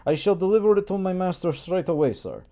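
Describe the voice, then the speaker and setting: A man's voice: sits high, very animated, moderate pace, dark tone, voice pushed up. A man doing a curt foreign manservant. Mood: stiff, curt. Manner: thick foreign accent put on, clipped replies. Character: taciturn male servant, stiff and curt.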